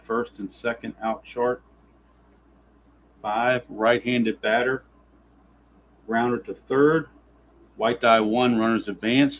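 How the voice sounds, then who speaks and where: A man's voice: medium pitch, slight background noise, rough recording. A man narrating a tabletop baseball simulation in play-by-play style, grumbling with sarcastic exasperation at the dice.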